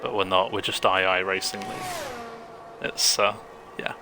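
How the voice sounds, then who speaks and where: A man's voice: low-pitched, level tone, moderate pace, music in the background. A man co-commentating a live sim race, chatty and joking between calls.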